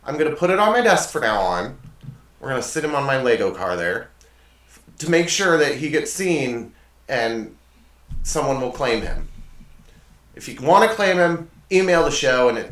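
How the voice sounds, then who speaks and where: A man's voice: medium pitch, fairly bright tone. Male show host, chatty and rambling, voice jumps around a lot, mic a bit far off. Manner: rambling, self-correcting, self-deprecating. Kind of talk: casual monologue storytelling. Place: desk in a home studio. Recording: echoey room, mic at a distance.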